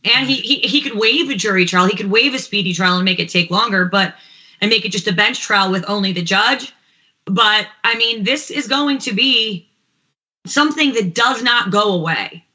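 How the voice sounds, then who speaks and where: A woman panelist on a talk show, assertive and opinionated, with quick asides. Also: medium pitch, bright, forceful tone, lo-fi sound. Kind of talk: casual panel chat.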